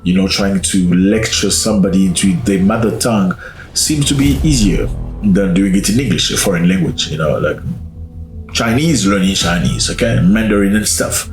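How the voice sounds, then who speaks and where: A man hosting a casual commentary, lively and expressive, now and then dropping to a hushed aside. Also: deep voice, moderate pace. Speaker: commentary channel host. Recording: roomy echo, slightly distant mic, faint music.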